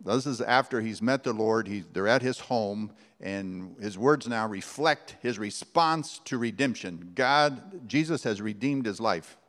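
A man's voice: on the low side, unhurried, few pauses, fairly bright tone. A man preaching a sermon, earnest and conversational, with rhetorical questions. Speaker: pastor. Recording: long hall reverb.

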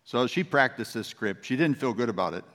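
A man's voice: mid-range voice, lively intonation, a little fast, fairly bright tone, big-room sound. A man, a pastor, preaching a sermon in a conversational, storytelling manner.

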